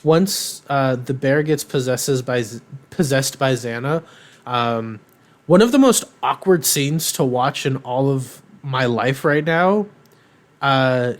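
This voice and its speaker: Rambling young man recapping a cartoon. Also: medium pitch. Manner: rambling, filler-heavy, animated retelling with quoted voices. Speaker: podcast co-host. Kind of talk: casual chat recapping a cartoon.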